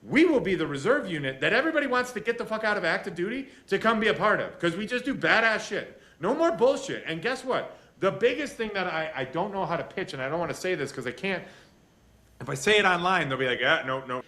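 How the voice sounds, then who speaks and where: A man's voice: high-pitched, sing-song, quick pace, sharp tone. Intense, foul-mouthed man in echoey room. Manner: heavy swearing, intense and emphatic ranting. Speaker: podcast host. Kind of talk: casual interview chat.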